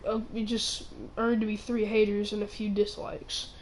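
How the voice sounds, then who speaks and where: A teenage girl ranting on her own channel, rambling and halting with many restarts, sounding indignant. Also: medium pitch, level tone, a little mellow, slight background noise, rough recording. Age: teens. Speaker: channel owner. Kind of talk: ranting vlog.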